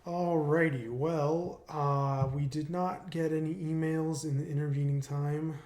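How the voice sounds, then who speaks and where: Man co-hosting a podcast, hesitant and quick. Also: fairly high pitch, level tone, darkish tone. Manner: hesitant, full of fillers, talks in quick bursts. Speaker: podcast co-host. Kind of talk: casual chat.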